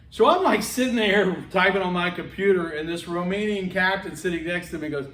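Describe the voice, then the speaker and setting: A man's voice: high-pitched, fairly quick, hardly any pauses, fairly bright tone. A man giving a classroom lecture in a conversational way, acting out bits of dialogue and checking in with frequent okays, heard in an echoey room from a distant mic. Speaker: college instructor.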